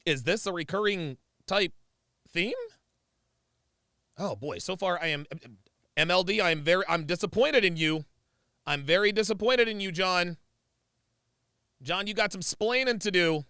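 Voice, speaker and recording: A man hosting a livestream, reacting to a video in loud, excitable commentary and repeating himself. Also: high-pitched, normal speed, long pauses, clear, resonant tone, dry recording, clean studio sound.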